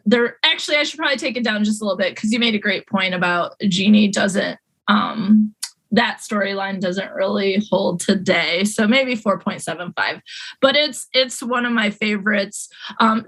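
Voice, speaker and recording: Young woman podcast host, chatty, laughs a lot, normal middle pitch. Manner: laughs often, animated when quoting lines. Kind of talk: casual chat.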